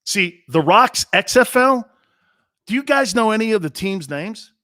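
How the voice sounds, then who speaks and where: A man's voice: high-pitched, expressive, unhurried, pushed and bright, dry recording, clean studio sound. A man in his fifties hosting a sports talk show, telling stories in a blunt, fired-up way, often repeating himself and cutting in with asides. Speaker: sports radio host. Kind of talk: opinionated talk-show monologue.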